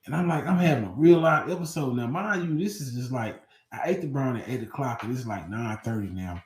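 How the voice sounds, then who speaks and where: A man hosting a podcast tells a story in loose, slangy talk that swears freely. When he acts out his own panic, his voice jumps high and loud. The sound bounces around a roomy space. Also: brisk. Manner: slangy and profane. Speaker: podcast host. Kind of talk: casual storytelling. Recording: roomy echo.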